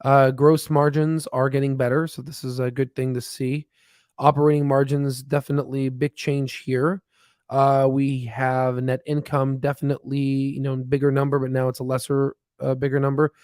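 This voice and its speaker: A man's voice: mid-range voice, flat delivery, moderate pace, a little mellow, no echo, studio quality. A man hosting a casual live stream about stocks, thinking aloud with lots of fillers and restarts as he reads charts. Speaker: stock market livestream host. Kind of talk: casual live chat while reading charts.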